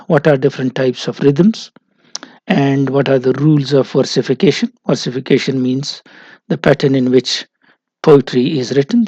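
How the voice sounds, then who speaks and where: A male lecturer giving a recorded literature lesson, slow and methodical, pausing often on "uh". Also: medium pitch, a little mellow, no echo, dull audio. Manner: slow, methodical, frequent "uh" pauses.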